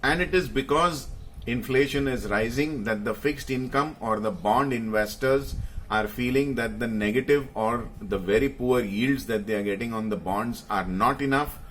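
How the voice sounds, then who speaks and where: A man's voice: medium pitch, moderate pace, fairly bright tone, a little hiss or hum. A man explaining investing to viewers, hesitating often with fillers and stressing key phrases. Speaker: market commentator.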